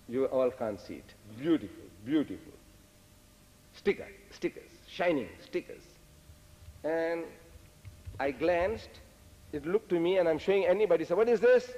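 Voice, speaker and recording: Older man, religious lecturer, slightly high voice, lively storytelling, reverberant hall. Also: muffled recording. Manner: lively storytelling with humor and Arabic phrases. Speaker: Islamic lecturer.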